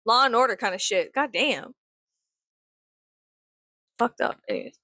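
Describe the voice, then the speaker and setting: Woman in her 30s venting on camera, swears a ton, sarcastic, a bit high, dry close sound. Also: lively intonation, a little slow, bright, forceful tone, no echo. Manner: blunt, profane and sarcastic, with laughs and pitch jumps. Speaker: vlogger. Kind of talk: casual venting monologue.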